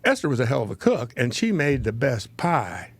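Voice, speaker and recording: A man's voice: mid-range voice, big pitch swings, normal speed, breathy edge, no echo. A man in his seventies hosting a talk show, telling a rambling, folksy story from his childhood and laughing at his own tales. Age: 70s. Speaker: host.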